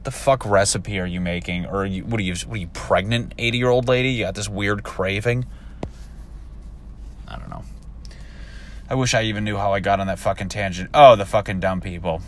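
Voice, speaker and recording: A young man in a car, telling a profane, animated story about strangers at a store as a casual vlog rant. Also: on the low side, brisk, slight background noise. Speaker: vlogger. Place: in a car while driving.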